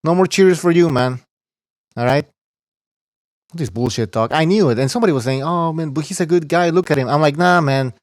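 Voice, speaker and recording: A man hosting a boxing podcast talks bluntly and with scorn, swearing casually as he dismisses fighters. His voice sits fairly high for a man. The sound is close and dry, with no room around it. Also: a little fast, pauses often, darkish tone, dry recording. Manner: blunt, scoffing, curses freely. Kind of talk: casual profane boxing talk.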